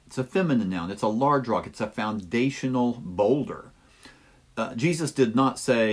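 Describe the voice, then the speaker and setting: A man's voice: medium pitch, lively intonation, normal speed, a little mellow, breathy edge. A man explaining a Bible passage to teachers in a weekly lesson, with a few "uh"s as he goes. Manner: explanatory, with some filler "uh"s.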